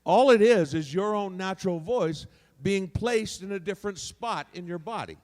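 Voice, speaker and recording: A man on a convention panel explaining voice acting, animated and showing off different voices as he talks. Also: sits high, moderate pace. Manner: animated, demonstrates voices by moving resonance around. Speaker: voice actor panelist. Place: convention hall. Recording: long hall reverb.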